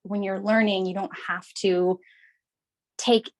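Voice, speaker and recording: A woman's voice: medium pitch, flat delivery, slow pace. A woman taking part in an online course, thinking aloud about how she learns, with hesitant restarts. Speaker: course participant. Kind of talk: reflective casual talk.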